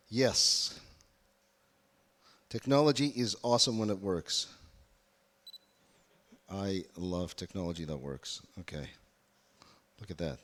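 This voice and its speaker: This UX workshop speaker's voice is low and a bit bright. Addressing a live audience in a conference room, he engages them with questions as the reverberant hall echoes around him.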